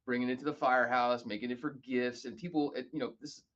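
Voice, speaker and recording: A man telling stories casually as a podcast guest, animated and acting out other people's lines. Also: mid-range voice, fast talker, lo-fi sound. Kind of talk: casual storytelling.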